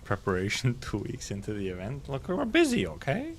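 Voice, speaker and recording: A man's voice: on the low side, wildly swooping pitch, fairly quick, slight background noise. A man streaming a live read-through of a game story, reading the lines plainly and breaking off for wry, chatty asides. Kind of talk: casual live reading with commentary.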